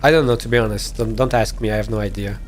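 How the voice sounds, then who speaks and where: A man streaming a game and chatting casually, relaxed, mumbling his plans and swearing now and then. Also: fairly low pitch, quick pace, faint music behind.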